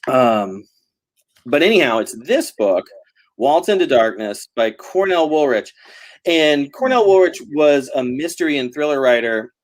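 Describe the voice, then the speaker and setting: A man, a novelist chatting over a video call, rambling and laughing often between fillers. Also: mid-range voice. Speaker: novelist guest. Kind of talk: casual video-call chat.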